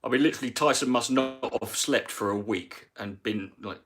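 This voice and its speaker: A man's voice: mid-range voice, moderate pace, a bit bright, faint music behind. A man, a comedian, ranting casually on a live stream with rambling, profane talk and many restarts.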